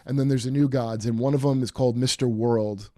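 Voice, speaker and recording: A man hosting a podcast in casual chat, rambling and animated with many fillers and restarts. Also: medium pitch, fairly quick, dry recording, studio quality. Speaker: podcast host.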